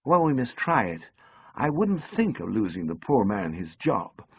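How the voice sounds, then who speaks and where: A man reading an audiobook, voicing a kind, decisive young woman who talks in a brisk, teasing way. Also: fairly low pitch, very animated, husky, no room sound, dull audio, heavily acted. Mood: kindly. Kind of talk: audiobook character voice.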